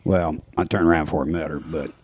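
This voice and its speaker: A man's voice: a bass voice, steady tone, quick pace, darkish tone, husky, dry recording. An older man hosting a casual group chat, joking and laughing often. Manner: jokey, laughs often, slips into put-on voices. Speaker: podcast host.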